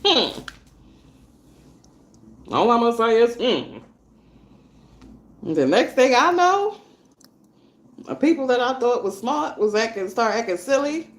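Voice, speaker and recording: A woman hosting a podcast, telling stories in a loose, slangy, laughing way that swings between loud and quiet. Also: fairly high pitch, very animated, slow, pauses often. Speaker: podcast host. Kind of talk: casual storytelling monologue. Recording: echoey room with faint ambience.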